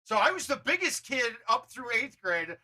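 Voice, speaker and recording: Loud, blunt man with a bright voice. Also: very high voice, sing-song, normal speed, poor audio. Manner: loud, blunt, swears freely. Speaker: livestream host. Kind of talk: casual livestream chat while gaming.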